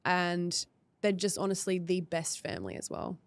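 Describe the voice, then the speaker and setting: An Australian woman chatting as a podcast guest, telling stories in a lively way and acting out what others said. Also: fairly low pitch, moderate pace, creaky, dry recording. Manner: animated storyteller, acts out quotes. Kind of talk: casual chat.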